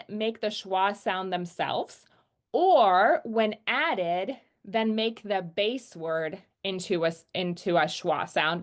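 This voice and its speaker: A woman teaching about word sounds, patiently explaining and slowly sounding out example words, often checking in with "right?". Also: mid-range voice. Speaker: literacy teacher trainer. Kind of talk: instructional explanation.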